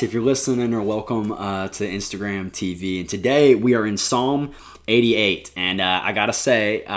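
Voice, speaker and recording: A man, a youth pastor, giving a casual, energetic devotional talk to high school students with lots of fillers.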